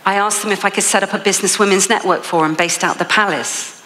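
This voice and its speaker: A woman's voice: medium pitch, steady tone, fast talker, pushed and bright, in a large hall, slight background noise. A woman with an English accent giving a motivational keynote speech, telling a story with frequent laughs. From England. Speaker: motivational speaker.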